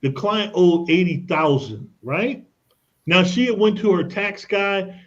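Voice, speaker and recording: A man's voice: high-pitched, expressive, slow pace, muffled recording. A man appearing as a guest expert on a radio talk show, explaining in an emphatic, persuasive way with casual slang. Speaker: credit and tax expert guest. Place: radio studio.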